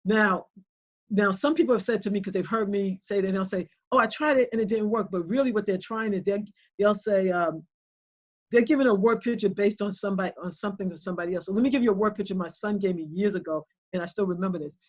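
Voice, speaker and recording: A middle-aged woman, a homeschooling mother and guest speaker, telling stories in a rambling, animated way with many restarts. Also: medium pitch, fast, muffled recording. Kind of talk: conversational livestream talk.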